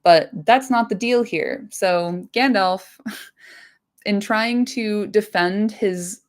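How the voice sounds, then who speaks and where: A woman's voice: medium pitch, slow. A woman hosting a casual book-chat podcast, rambling along with lots of fillers and cheerful swearing. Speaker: podcast host.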